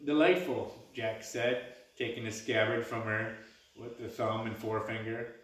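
A man's voice: fairly low pitch, monotone, measured pace, a bit bright. A man reading a story aloud, with small stumbles and restarts. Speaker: reader. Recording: echoey room, mic at a distance.

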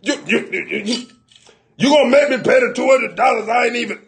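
A man playing an indignant male patient with a sore back, loud, whiny and sputtering. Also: extremely high pitch, fairly quick, creaky, crowd noise, pitched above the performer's own voice. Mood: outraged.

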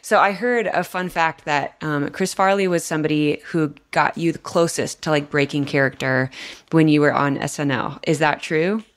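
A young female podcast host with a low voice, gushing and rambling with excitement. She talks over a video call in casual, chatty bursts. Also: normal speed. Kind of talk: casual interview chat.

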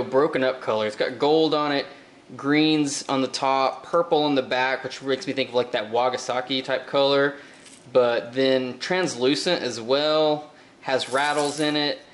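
A man chatting casually as he unboxes fishing gear, relaxed and rambling, with lots of fillers and repeated words. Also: medium pitch. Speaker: fishing vlogger. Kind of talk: casual tackle unboxing talk.

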